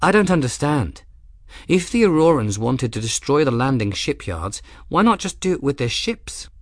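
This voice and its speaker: A man's voice: medium pitch, sing-song, normal speed, no room sound, studio quality, pitched above the performer's own voice. A man voicing an awkward, earnest young woman in an audiobook, his voice raised and hesitant. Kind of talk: audiobook character voice.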